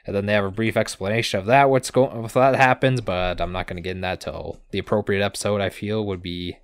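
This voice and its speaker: A sarcastic man recapping episodes on a podcast, swearing offhandedly and slipping into brief character voices. His voice is lowish and smooth, and the recording is close and dry with no room sound. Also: fairly even intonation, dry recording. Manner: sarcastic, swears casually, acts out characters in quick asides. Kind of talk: casual comedic recap chat.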